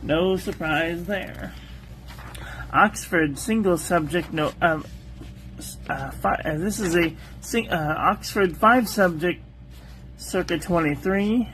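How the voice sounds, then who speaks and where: Slow, soft-spoken woman testing paper. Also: on the low side, a little hiss or hum. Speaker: calligraphy channel host. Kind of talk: calm ink-on-paper test review.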